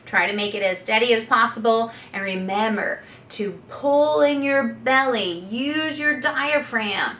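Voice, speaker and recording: A voice therapist coaches listeners through voice exercises, demonstrating each one aloud with loud sustained vowels. Her fairly high voice is unhurried with few pauses, and the echoey room has faint background noise.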